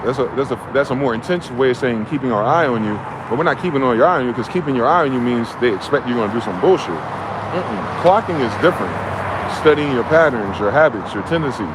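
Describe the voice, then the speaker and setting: A man's voice: medium pitch, expressive, noisy background. A man from New Jersey delivering a heated, profane ranting monologue as a vlogger. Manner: profane, heated, fast-talking.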